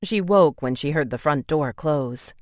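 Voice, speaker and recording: A woman's voice: low-pitched, animated, measured pace, darkish tone, no room sound, studio quality. A woman narrating a romance audiobook in an emotive way, voicing the tearful heroine's lines with feeling.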